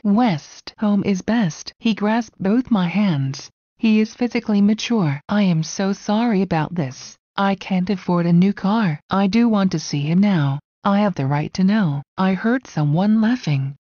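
A woman reading short English phrases aloud one at a time, in an even, deliberate way. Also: medium pitch, no echo, lo-fi sound.

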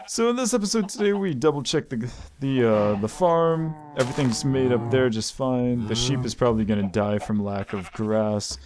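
A man's voice: fairly low pitch, noisy background. A man hosting his own gaming channel, giving loose, playful gameplay commentary and coaxing the animals on screen.

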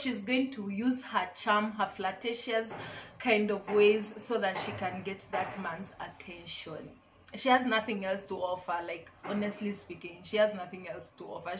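A woman's voice: mid-range voice, fairly even intonation, moderate pace, slight background noise. A woman vlogger giving casual, emphatic advice to camera, repeating her key phrases.

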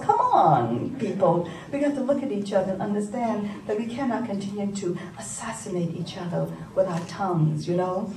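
An older woman from New York, a poet telling a story to an audience, animated and laughing, repeating phrases for emphasis. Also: mid-range voice, moderate pace, few pauses, a little hiss or hum. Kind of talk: live storytelling talk to an audience. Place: conference hall. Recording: roomy, from far off, faint ambience.

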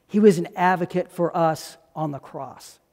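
A man's voice: a little high, normal speed, a little mellow, long reverb tail. A male pastor preaching a sermon, asking rhetorical questions and repeating key lines for emphasis.

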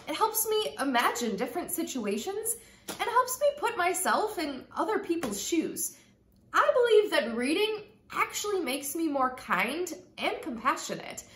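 Expressive woman reading a children's story. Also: high-pitched. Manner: expressive, sing-song storytelling. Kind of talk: read-aloud story and children's message. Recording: echoey room.

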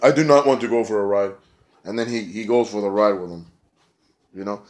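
A man's voice: fairly low pitch, brisk, darkish tone. A man feeling sick and snotty, giving a casual, profane, rambling review of a wrestling show, with lots of filler words. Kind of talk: casual spoken review vlog.

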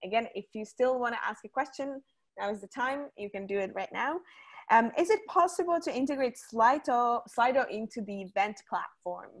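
A woman's voice: fairly high pitch, animated, moderate pace. Chatty woman co-hosting a webinar. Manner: conversational, many ums and restarts. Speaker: webinar co-host. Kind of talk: casual webinar Q&A.

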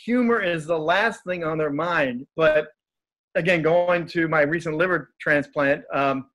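A man's voice: a little high, measured pace, a bit bright. A man who is a guest speaker, telling stories in a casual, upbeat and joking way. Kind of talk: casual storytelling in conversation.

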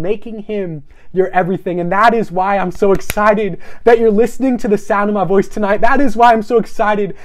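A young man preaching an energetic live-streamed sermon, asking viewers to repeat phrases after him. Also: high-pitched.

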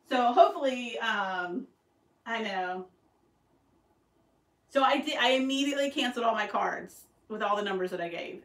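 A woman's voice: mid-range voice, a bit bright. Chatty woman in an echoey workroom. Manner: chatty, self-deprecating, reads out viewer comments. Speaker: embroidery shop owner streaming live. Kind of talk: casual live-stream chat. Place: home craft workroom with a sewing machine running. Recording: roomy echo, distant mic, faint noise.

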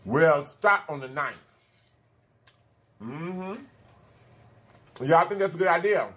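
Eating-show host: thirty-year-old man, chatty, animated, a little high. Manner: chatty, drawn-out "honey" and "baby" asides, hums while eating. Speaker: mukbang host. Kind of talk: casual eating-show chat.

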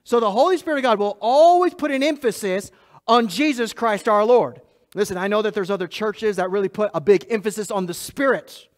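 This pastor, a man, preaches emphatically and repetitively, moving between loud and hushed lines while talking straight to his congregation. He is high-pitched, speaks a little fast, and laughs at himself.

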